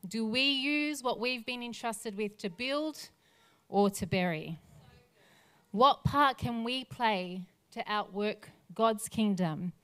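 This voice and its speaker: A woman pastor preaches with a smooth, clear voice that sits a little high. She speaks earnestly and stacks phrase upon phrase as she builds toward a rousing point. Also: slow, a bit bright. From Australia. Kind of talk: sermon.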